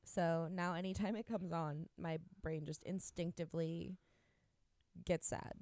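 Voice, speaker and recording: A woman's voice: lowish voice, steady tone, unhurried, a little mellow, dry recording. A young woman co-hosting a casual podcast from home, talking loosely and swearing freely. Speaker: podcast co-host.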